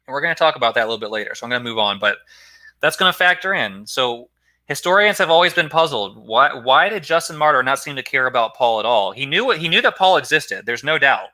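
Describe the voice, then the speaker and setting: A man's voice: medium pitch, animated, quick pace, sharp tone. A man hosting his own channel, giving a casual, rambling talk on early church history, often correcting himself mid-sentence and greeting viewers in a live chat. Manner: rambling, self-correcting, conversational. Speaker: philosophy channel host.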